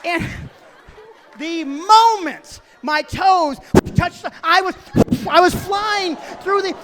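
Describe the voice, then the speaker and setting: A male comedian performs a story on stage. His voice sits very high for a man. He tells it in an excitable, animated way. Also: slow, in a large hall. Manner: excitable, animated, with bursts of laughter. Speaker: stand-up comedian. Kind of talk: stand-up storytelling.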